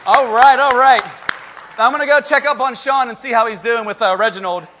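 A man's voice: very high-pitched, fairly quick, noisy background. A man hosting a live event, energetically calling out to the audience and running a contest. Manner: energetic, shouting to the crowd. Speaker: event host.

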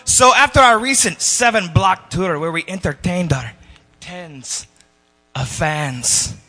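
A man's voice: high voice, slow pace, bright, forceful tone, faint music behind, exaggerated voice. A man voicing a goofy, self-important Scottish rapper who rambles and laughs at his own jokes, with a Scottish accent. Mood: boastful. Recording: long hall reverb.

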